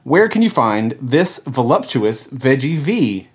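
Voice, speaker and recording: A man's voice: medium pitch, big pitch swings, takes it slowly, slightly rough. A man hosting a casual podcast quiz game, reading out questions in a playful announcer tone.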